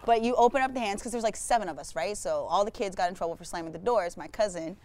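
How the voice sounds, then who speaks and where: A woman's voice: medium pitch, fast talker, darkish tone. A woman on a casual podcast telling a family story, swearing freely and acting out voices.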